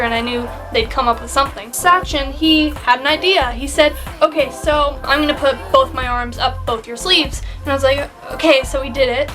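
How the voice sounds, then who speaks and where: A high-pitched young woman tells a chatty, giggly story straight to the camera, slipping into other people's lines as she goes. Music plays clearly underneath her voice. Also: a bit bright. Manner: giggly, chatty, quickly shifting between quoted voices. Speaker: vlogger. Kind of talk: casual chat recounting a fan convention.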